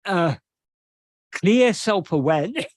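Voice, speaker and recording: A man with a somewhat high voice explains a devotional verse line by line. He talks slowly and deliberately, pausing often with hesitations. The sound is dry and close, with no room around it. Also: lively intonation, no room sound. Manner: slow and deliberate, with many hesitations. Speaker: spiritual teacher.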